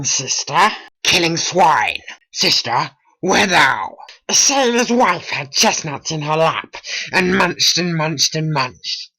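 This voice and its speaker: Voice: mid-range voice, bright, forceful tone, exaggerated voice, rough recording. Someone putting on chanting old witches. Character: cackling weird sisters, old witches. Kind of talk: homemade animation voice acting.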